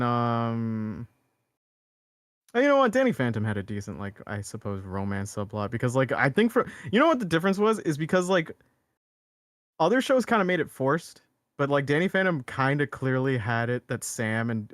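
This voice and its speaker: A man's voice: mid-range voice, very animated, moderate pace, a bit bright, no echo, studio quality. A young man chatting casually as co-host, rambling with lots of fillers and restarts. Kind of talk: casual chat.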